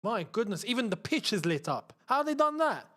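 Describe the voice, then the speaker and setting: A young man with a London accent hosting a live football watchalong, chatting excitably and muttering to himself as he fiddles with the screen. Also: sits high, brisk. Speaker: football channel host.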